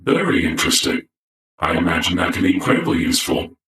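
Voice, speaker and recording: This is a male robot trainer with a booster pack, voiced by a man. He questions new recruits in a brisk, curious way, with a very low voice. He sounds distant and roomy, as if far from the mic. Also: sing-song, bright, forceful tone, exaggerated voice. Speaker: non-player character. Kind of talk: voiced role in a tabletop game.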